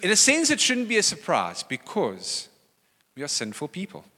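Male preacher, lively and bright, big swings in pitch, echoing church hall. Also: moderate pace. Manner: animated, acts out quoted voices. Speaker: pastor. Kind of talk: sermon.

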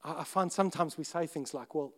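A man preaching a sermon in an earnest, conversational way, breaking off to restart sentences and suddenly getting louder. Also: on the high side, expressive, normal speed. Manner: earnest, conversational, with self-interrupting restarts and sudden rises in volume. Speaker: pastor.

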